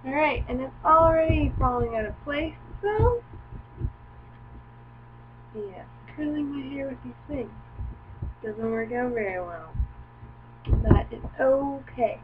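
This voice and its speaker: A young woman chatting casually in a home video, cooing to her dog now and then in a high voice. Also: animated, a little slow, long pauses. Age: young adult. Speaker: vlogger. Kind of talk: casual chat. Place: home room. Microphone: laptop webcam mic. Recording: tinny lo-fi webcam audio with hum.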